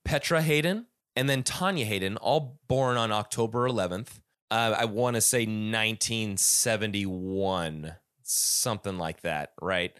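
A man's voice: on the low side, measured pace, a bit bright, smooth, no echo, clean studio sound. A man hosting a casual podcast about a music album, rambling with many restarts and fillers. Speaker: podcast host.

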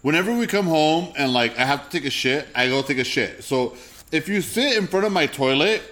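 Young male podcast co-host, a bit high-voiced, swings his pitch around, crude and chatty. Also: brisk. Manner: animated, profane, laughs often. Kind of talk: casual chat, crude storytelling.

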